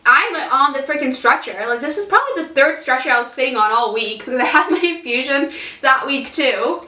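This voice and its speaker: A woman's voice: sits high, lively intonation, brisk, pushed and bright. A young woman vlogging, frankly telling a personal story, chatty and casual, swearing freely and laughing often. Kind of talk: candid storytelling vlog. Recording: roomy, from a distance off the mic.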